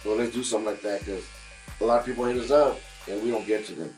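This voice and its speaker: A man's voice: lowish voice, fairly even intonation, fast talker, over music, rough recording. A man, a guest musician in casual chat in a barbershop, telling a long story with many fillers and restarts.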